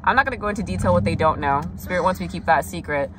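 A chatty young woman giving a tarot reading with a slightly low voice. She talks loosely and casually, full of fillers, quick asides and mock quotes of what others say. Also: expressive, slight background noise. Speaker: tarot reader.

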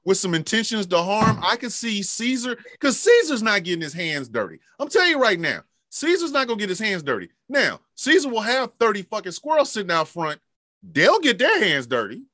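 Animated, profane male podcast host. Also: high-pitched, fairly quick, no echo, clean studio sound. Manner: profane, emphatic, animated storytelling. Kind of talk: casual podcast chat.

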